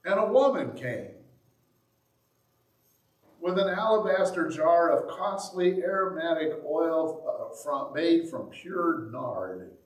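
Picked up from far off in a reverberant space, a pastor with a mid-range voice preaches a sermon. He recounts the story casually and dramatizes the quoted lines.

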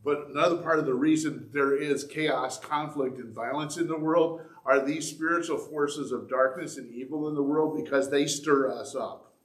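A man's voice: fairly high pitch, steady tone, normal speed, echoey room. A man, a pastor, preaching a sermon in a conversational, earnest way, teaching from the Bible.

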